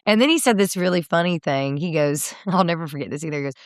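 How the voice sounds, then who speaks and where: A woman in her thirties talks through a personal story in an interview, pausing on fillers and laughing softly. Her voice sits a little low. The sound is dry and close to the mic. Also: no room sound. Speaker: guest, country singer. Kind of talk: candid podcast interview.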